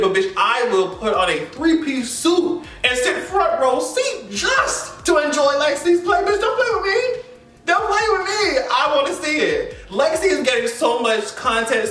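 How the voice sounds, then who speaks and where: High-pitched dude doing a show recap, super animated, swings his voice all over, echoey room, a bit far from the mic. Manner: animated, expressive, heavy slang and profanity. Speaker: recap vlogger. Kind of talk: casual reaction recap. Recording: echoey room, away from mic, faint music.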